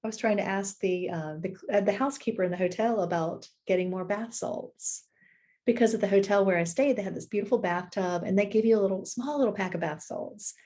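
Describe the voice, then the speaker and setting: A middle-aged woman, a podcast guest, telling stories in a casual, animated way and laughing easily. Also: medium pitch, a little fast. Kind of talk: casual storytelling chat.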